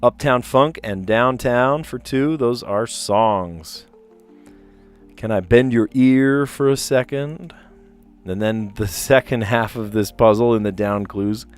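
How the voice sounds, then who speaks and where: A man's voice: medium pitch, slow pace, clean tone, faint music behind. A man hosting a casual livestream, reading puzzle clues aloud and drifting into chatty, amused asides. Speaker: livestream host solving word puzzles.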